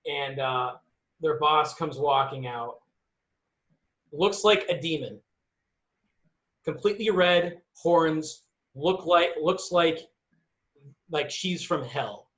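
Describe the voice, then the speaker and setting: A man narrating as game master of a tabletop game, slow and halting with many fillers. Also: a little high, a bit bright. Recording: echoey, dull lo-fi room recording.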